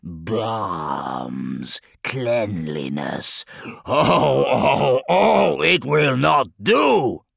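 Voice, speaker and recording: A man voicing a rotting, doleful male plague demon lord who speaks in a slow hiss that rises into wails. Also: lowish voice, very animated, pushed and bright, no room sound, clean studio sound, exaggerated voice. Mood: disgusted. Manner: hissing, drawn-out, creaky.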